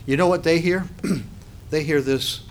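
A man preaching a sermon as a pastor. He rises sharply in pitch and volume when he reads scripture aloud. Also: unhurried, a little hiss or hum.

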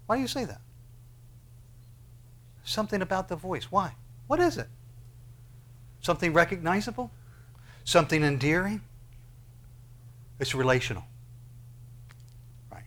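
A man preaches with a slightly high-pitched voice, firing rhetorical questions at his congregation. He drops to near-whispers, then climbs to loud, pleading peaks. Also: big pitch swings, normal speed, long pauses. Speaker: pastor. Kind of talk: sermon.

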